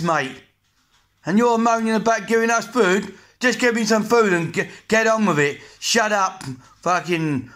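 Ranting high-voiced English man in his forties. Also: a bit bright. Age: 40s. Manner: agitated, repetitive, swearing, blunt. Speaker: vlogger. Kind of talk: angry rant to camera.

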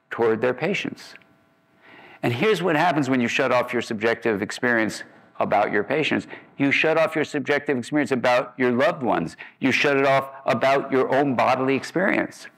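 A man's voice: mid-range voice, creaky, a bit bright, low-quality recording. A man giving a guest lecture, telling personal stories in a conversational way and acting out the dialogue he remembers.

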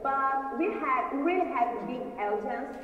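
A woman from Brazil with a Brazilian accent, whose first language is Portuguese, giving an emotional thank-you speech close to tears. She is excited and stumbles over her words. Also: sits high, moderate pace, narrow, tinny audio. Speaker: competition contestant. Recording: echoey distant video call audio.

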